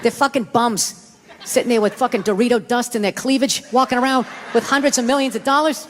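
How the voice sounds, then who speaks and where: A man doing a loud, profane stand-up routine on a comedy stage. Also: very high-pitched, steady tone, fairly quick, long reverb tail, a little hiss or hum. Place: comedy stage with a live audience.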